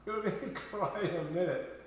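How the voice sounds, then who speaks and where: A man's voice: sits high, a little fast, slight background noise. A man, chatting playfully to his viewers as he demonstrates cooking at home. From Vietnam. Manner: chatty, playful, talks to viewers as boys and girls. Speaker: home cook host. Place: home kitchen. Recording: very echoey kitchen, faint music.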